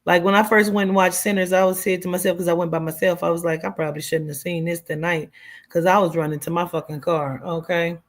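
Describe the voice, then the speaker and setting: A woman's voice: fairly low pitch, little pitch movement, fast talker. A woman hosting a livestream, chatting casually with viewers in a loose, rambling way, cursing freely and answering comments from the chat. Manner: chatty and rambling, with frequent swearing and "child" asides. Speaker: livestream host.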